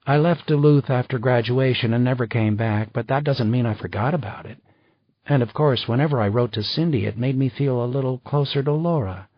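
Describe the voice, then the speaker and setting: A man's voice: medium pitch, fairly quick, no echo, pitched above the performer's own voice, lightly acted. A man voicing a poised, chatty female travel writer in an audiobook reading. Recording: slightly dull dry recording.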